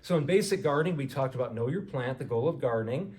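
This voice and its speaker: A man's voice: medium pitch, animated, quick pace, darkish tone. A man giving a casual lecture to a garden club audience, talking conversationally, quizzing the listeners and often saying "you know". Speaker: garden club speaker and author. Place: indoor meeting hall with audience. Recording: echoey hall recorded from far off.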